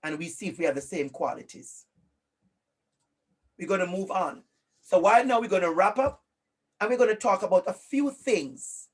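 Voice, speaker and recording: A man from Jamaica with a Jamaican accent, presenting an interactive online workshop over a video call in an energetic, encouraging way, often repeating phrases for emphasis. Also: sits high, normal speed, long pauses, husky.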